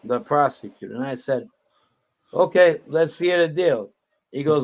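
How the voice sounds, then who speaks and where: A man's voice: medium pitch, animated, brisk, creaky. A man, a guest on a call-in show, telling a profane story and acting out what other people said. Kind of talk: casual storytelling. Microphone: video call.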